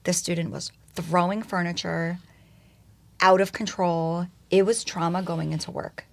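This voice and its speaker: A woman talking as a podcast guest, telling her story in an animated, expressive way and swearing casually. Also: fairly low pitch, measured pace, gravelly. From United States.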